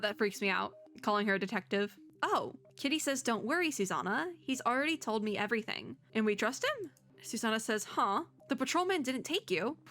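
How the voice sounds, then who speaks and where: A young woman streaming a game, reading its story text aloud and chatting excitedly between lines, often giggling. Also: on the high side. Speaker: VTuber streamer.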